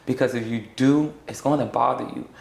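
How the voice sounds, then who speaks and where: Young woman from south florida, blunt and sassy, laughs a lot, bit of fry, echoey room. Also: extremely low pitch, steady tone, brisk, darkish tone. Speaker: interview guest. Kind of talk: candid sit-down interview.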